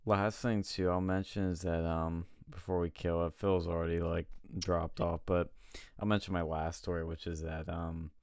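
A young man hosting a casual chat, telling stories in an animated way, acting out what people said to him and swearing freely. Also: sits low, normal speed, clear, resonant tone, no echo, studio quality. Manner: animated storyteller acting out quotes, swears and laughs often.

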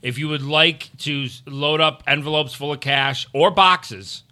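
A man co-hosting a podcast in casual chat, reading viewer messages aloud and joking about them. His voice sits a bit high and sounds sharp and very bright. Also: unhurried. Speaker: podcast co-host reading super chats.

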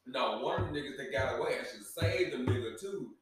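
A man co-hosting a podcast in casual chat, talking in an excitable, profane, emphatic way. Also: mid-range voice, fairly quick, noisy background. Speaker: podcast co-host. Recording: echoey room, distant mic.

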